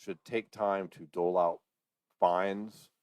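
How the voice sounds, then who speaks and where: Male podcast co-host, very low voice, dry close sound, opinionated casual talk. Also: steady tone, slow pace, darkish tone, smooth, no echo. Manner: opinionated, acts out fighters' lines. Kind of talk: casual chat.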